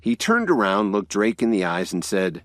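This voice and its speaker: A man narrating a scripted audio drama with expressive storytelling. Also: fairly low pitch, normal speed, dry recording.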